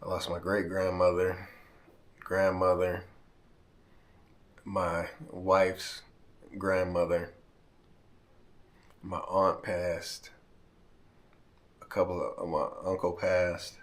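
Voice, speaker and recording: A man with a very deep, low voice talks straight to camera in a heartfelt vlog. He is close to tears, his words catch and restart, and he keeps ending lines with "man". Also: completely flat delivery, very slow, long pauses. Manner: emotional, heartfelt, repeats "man", holding back tears. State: near tears. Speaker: vlogger. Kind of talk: emotional direct-to-camera vlog.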